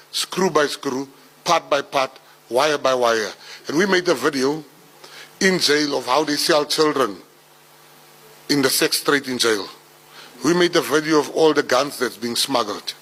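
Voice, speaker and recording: A South African man in his forties, telling life stories to an audience in an animated way, building to laughing punchlines. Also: mid-range voice, moderate pace, poor audio. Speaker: public speaker. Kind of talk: storytelling talk.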